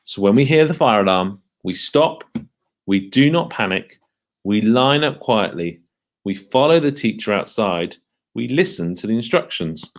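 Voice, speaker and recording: A man leading a school assembly for children, speaking in a lively, questioning way and slowing down to stress key words. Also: fairly low pitch.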